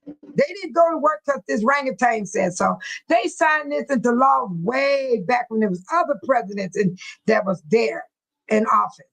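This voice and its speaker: Stream host, woman with a high voice, chatty and colloquial, laughs a lot between stories. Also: lively intonation, normal speed, creaky, a bit bright, rough recording. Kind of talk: casual chat with viewers.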